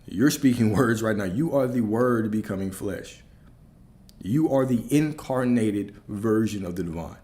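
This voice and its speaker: Male spiritual coach, low mellow voice, emphatic preaching with repeated lines and rhetorical questions. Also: lively intonation, a little slow.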